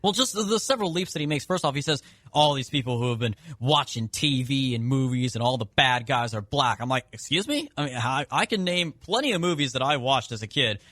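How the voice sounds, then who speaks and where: A man's voice: mid-range voice, a bit bright, no echo, studio quality. A man co-hosting a political commentary podcast, firing off incredulous rebuttals. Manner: incredulous, rapid-fire rebuttals. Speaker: podcast co-host.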